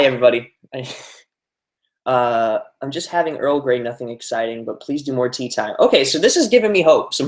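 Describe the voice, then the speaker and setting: A young man chatting casually on a live stream, reading out viewer comments, with many fillers. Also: medium pitch. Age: young adult. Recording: roomy echo.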